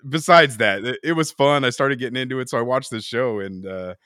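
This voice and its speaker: A podcast co-host rambles through a casual chat, packed with fillers and restarts. His mid-range voice is a little fast, pushed and bright, captured in a dry, clean studio recording.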